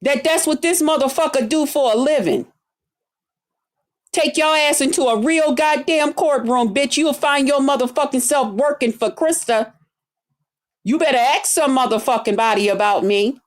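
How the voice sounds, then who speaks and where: A woman's voice: high-pitched, normal speed. A woman ranting angrily at her viewers on a livestream, cursing and confrontational, stretching out words for emphasis. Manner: angry, profane, confrontational. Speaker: streamer addressing her viewers. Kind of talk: heated livestream rant.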